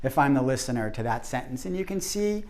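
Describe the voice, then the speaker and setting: A man's voice: mid-range voice, expressive, brisk, darkish tone. A man presenting an interactive workshop to a group, talking animatedly and acting out the voices he quotes.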